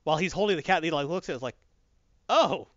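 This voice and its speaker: A man chatting casually about a movie, acting out quotes in quick voices. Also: a little high, a bit bright, dry recording, lo-fi sound. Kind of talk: casual chat, movie review.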